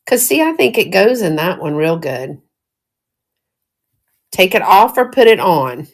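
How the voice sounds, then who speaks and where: A woman's voice: on the low side, very animated, unhurried. A middle-aged woman with a Southern US accent, chatting casually and folksily while showing thrifted jewelry, often breaking into giggles. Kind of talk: casual live-stream chat.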